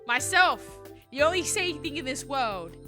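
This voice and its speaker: A woman streaming a story game live, reading its text aloud and joking with her chat in an animated way. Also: high-pitched, measured pace, soft background music. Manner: animated, jokey, talks to chat.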